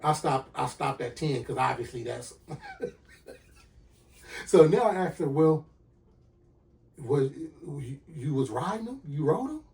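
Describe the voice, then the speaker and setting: A man hosting a podcast, telling a personal story with lively acted-out dialogue and sound effects. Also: fairly high pitch, slow pace, creaky, pauses often, distant mic. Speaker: podcast host.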